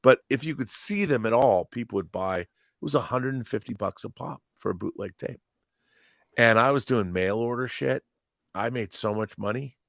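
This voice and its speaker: A man in his fifties, co-hosting a podcast, telling blunt, lively stories and acting out the dialogue in them. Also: medium pitch, moderate pace, vocal fry, dry recording, studio quality. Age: 50s. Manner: animated anecdotes, blunt, acts out dialogue. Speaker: podcast co-host. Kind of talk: casual storytelling chat.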